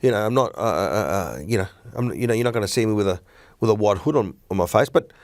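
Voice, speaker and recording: A man's voice: fairly low pitch, fast talker, no echo. A middle-aged man, a stand-up comedian talking bluntly and animatedly in a casual podcast chat. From Australia. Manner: blunt, opinionated, animated storytelling.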